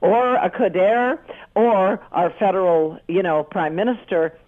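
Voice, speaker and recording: A woman's voice: mid-range voice, unhurried. A woman on a talk show panel, speaking urgently and exhorting the listeners. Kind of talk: talk show commentary by phone. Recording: tinny phone line.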